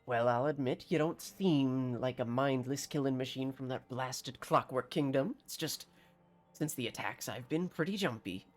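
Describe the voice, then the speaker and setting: A streamer reads game dialogue aloud as a jumpy, suspicious male farmer, using an intentionally bad put-on accent with a folksy, wary, grumbling delivery. His natural voice is medium-pitched with big pitch swings.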